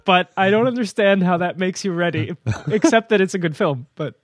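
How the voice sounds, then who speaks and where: A man's voice: sits high, lively intonation, a little fast, no room sound, clean studio sound. A man co-hosting a casual news podcast, playful and laughing often as he talks. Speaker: podcast co-host.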